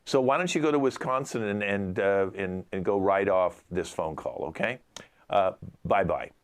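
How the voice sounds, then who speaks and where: A man's voice: low-pitched, moderate pace. Exasperated man as a radio tax host. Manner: exasperated, deadpan put-downs. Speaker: improv host playing radio tax advisor. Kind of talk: improv comedy. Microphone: video call.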